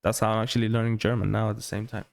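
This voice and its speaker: A man's voice: lowish voice, flat delivery, racing, vocal fry. A man co-hosting a casual podcast, rambling about movies and quoting lines from them. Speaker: podcast co-host. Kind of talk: casual chat.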